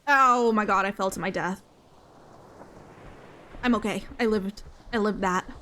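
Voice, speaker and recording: A young woman streaming a game in casual chat, excitable, gasping often and repeating her phrases. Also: mid-range voice, a little slow, slight background noise.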